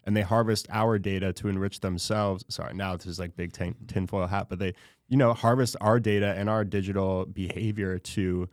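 A male podcast host with a somewhat low voice, talking at length in a casual, wry way and tossing in self-aware asides. The recording is close and dry. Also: fairly even intonation, normal speed, a little mellow, no echo. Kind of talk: casual chat.

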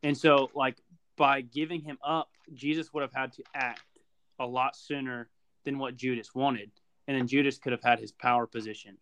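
Animated young man on a podcast. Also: mid-range voice, moderate pace, clean tone. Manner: animated, laughing storyteller. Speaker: podcast co-host. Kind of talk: casual chat.

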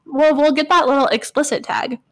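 Animated young woman telling a story. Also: sits high, a little fast. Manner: animated, quotes people with "I was like", frequent fillers. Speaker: podcast co-host. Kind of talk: casual storytelling chat.

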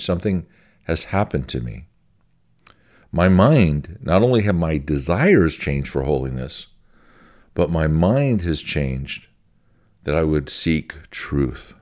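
A man's voice: low-pitched, darkish tone. A man, a pastor, giving an informal church-history teaching in a conversational, folksy way, repeating phrases as he goes.

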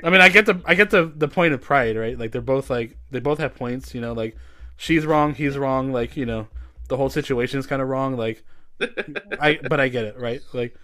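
A man's voice: mid-range voice, moderate pace, bright, forceful tone, no room sound, clean studio sound. A man hosting a podcast, telling a long story in casual chat, full of fillers and swearing. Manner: rambling, heavy on "like" and swearing. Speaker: podcast host.

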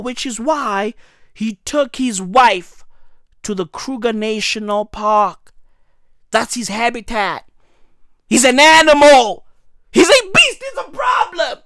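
A man's voice: extremely high pitch, a bit bright, no echo, clean studio sound. A man giving profane, mocking satirical commentary on the news, full of slang asides.

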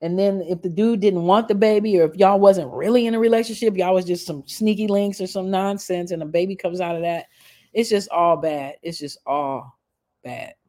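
Woman, gossip vlogger, blunt, cussing, mellow tone. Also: lowish voice, moderate pace. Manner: blunt, heavy cursing, chatty asides. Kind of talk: casual profane commentary.

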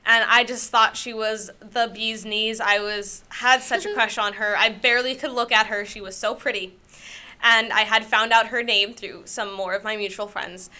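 Young woman rambling thru a story, high bright voice, keeps correcting herself. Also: steady tone, normal speed. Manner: rambling, self-correcting, laughs often. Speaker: guest storyteller. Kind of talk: casual chat.

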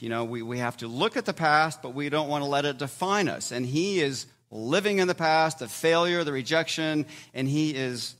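Animated man preaching a casual sermon. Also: on the high side. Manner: conversational, animated with sudden loud emphatic bursts. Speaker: pastor.

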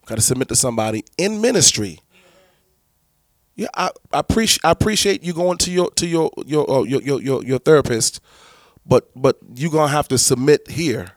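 Emphatic preaching pastor, dry sound. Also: male voice, mid-range voice, animated, normal speed, no echo. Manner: emphatic, repetitive, many restarts. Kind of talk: preaching-style teaching to church leaders.

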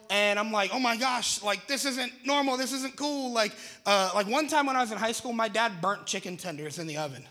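Speaking in a high register, a young pastor entertains his audience with a playful, animated tale, mimicking the shouts he gave.

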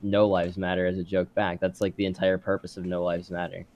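A man's voice: deep voice, completely flat delivery, fairly quick, a little mellow, dull audio. A man on a casual friends podcast, offhand and rambling, cracking edgy jokes. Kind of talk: casual joking chat among friends.

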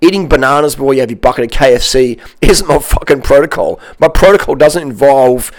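A man's voice: mid-range voice, fairly quick. Profane man ranting about fitness. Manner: profane, combative, boastful. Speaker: fitness vlogger. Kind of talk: ranting monologue.

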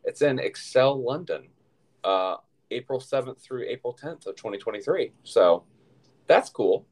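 A man's voice: mid-range voice, lively intonation, measured pace, rough recording. A man co-hosting a casual podcast, talking in a rambling, chatty way with many fillers and restarts. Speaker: podcast co-host.

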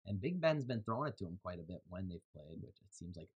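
A man casually talking through his fantasy football picks on a podcast, loose and quick to laugh. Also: low voice, sing-song, darkish tone, husky, lo-fi sound. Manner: laughs easily, loose and joking. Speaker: podcast co-host.

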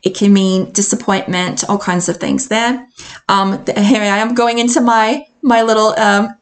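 A woman's voice: medium pitch, steady tone, moderate pace. An American woman from North Carolina, a confidence coach hosting a solo podcast, talking in an upbeat, enthusiastic way and laughing often. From North Carolina, USA.

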